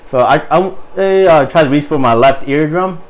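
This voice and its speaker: A young adult man, a Marine guest on a podcast, telling a story in casual, animated, profane talk full of fillers. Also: on the high side, moderate pace.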